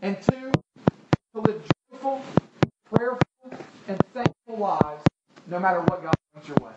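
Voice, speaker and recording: A man's voice: high voice, lively intonation, a little slow, highs cut off. A man preaching a sermon, talking conversationally and asking the crowd rhetorical questions. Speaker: pastor. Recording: echoey hall, distant mic, loud noise.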